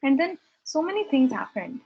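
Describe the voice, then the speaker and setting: A woman's voice: high voice, very animated, normal speed, gravelly, mellow, lo-fi sound. A young woman telling her story at a devotional gathering, earnest and reflective, with hesitant restarts. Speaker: satsang speaker sharing her story. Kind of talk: personal testimony talk.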